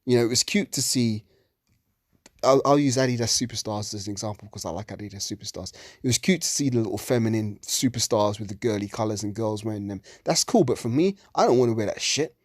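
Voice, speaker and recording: A man's voice: lowish voice, fast talker, no room sound, clean studio sound. A man gives a heated religious commentary monologue, ranting and swearing often.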